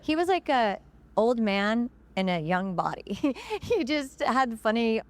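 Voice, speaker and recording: A woman on a fan convention panel, telling anecdotes in a casual, animated way and acting out the quotes. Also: on the high side, unhurried. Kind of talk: casual storytelling to a crowd.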